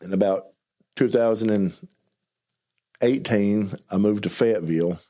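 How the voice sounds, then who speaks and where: A man's voice: lowish voice, warm tone. Southern man mumbling through a story. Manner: mumbles and stutters, talks fast in bursts, restarts words. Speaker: guest telling his testimony. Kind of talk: casual storytelling interview.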